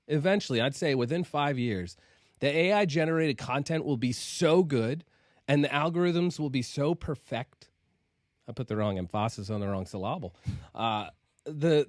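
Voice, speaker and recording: A man's voice: medium pitch, no echo. Man making bold provocative claims, dry sound. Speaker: podcast co-host. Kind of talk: casual debate chat.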